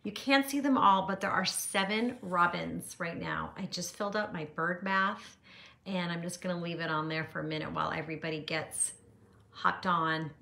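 Middle-aged woman, art teacher hosting a phone live stream from home, bright chatty voice, echoey room. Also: fairly low pitch, steady tone, moderate pace, vocal fry. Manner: bubbly and chatty, greets viewers by name, laughs often. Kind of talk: casual live-stream chat. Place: home art studio, indoors. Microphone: phone camera.

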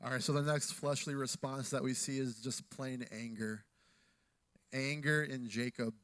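A man teaching in a sermon, steady and measured as he reads and explains scripture. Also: mid-range voice, dry recording. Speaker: co-pastor.

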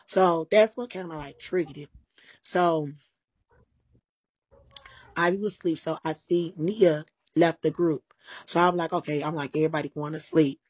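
Husky, low-voiced woman telling a story. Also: moderate pace, pauses often, no echo, low-quality recording. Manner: animated, profane retelling full of quoted dialogue. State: tired. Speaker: guest. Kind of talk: casual storytelling.

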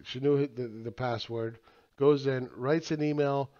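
A man's voice: medium pitch, steady tone, a little slow, dark tone. Rambling, profane man. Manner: rambling, profane, with filler words and laughs. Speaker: market analyst. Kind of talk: casual, crude market commentary. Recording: slightly dull lo-fi audio.

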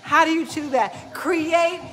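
A woman fitness coach giving an energetic motivational pep talk to her live viewers, preachy and repeating "right?" again and again, with music playing behind her. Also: extremely high pitch, slow.

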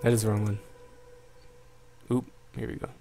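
A man's voice: fairly low pitch, normal speed. A man running a casual live-stream tutorial on making electronic music, thinking aloud as he works and chatting with viewers. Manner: relaxed, thinks aloud while working, greets chat. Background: loud electronic music playing back.

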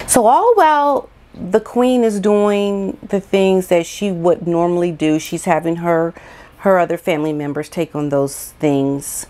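A woman's voice: fairly low pitch, measured pace, warm tone. A woman giving an indignant, incredulous opinion commentary monologue full of rhetorical questions. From United States. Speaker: vlogger, commentator.

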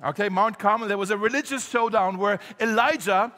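A man preaching a sermon to a congregation, lively and joking, getting the crowd to join in. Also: sits high, a little fast, long reverb tail. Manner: lively, jokey, talks straight to the congregation. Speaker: pastor. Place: church hall.

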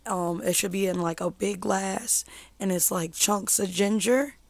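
Woman, hoarse from a cold, gravelly, dry close sound, chatty live streamer. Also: medium pitch, measured pace, dry recording. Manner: chatty, giving homespun advice. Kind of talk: casual live-stream chat.

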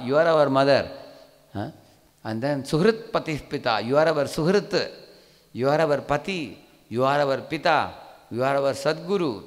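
A man with an Indian English accent teaching a scripture class, talking conversationally and often asking "correct, no?". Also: medium pitch. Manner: conversational, frequent tag questions. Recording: hall reverb.

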